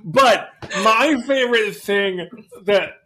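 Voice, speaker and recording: A man's voice: high-pitched, animated, takes it slowly, pushed and bright. A man co-hosting a podcast, chatting casually as he recaps an episode and acts out quotes in bursts. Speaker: podcast co-host.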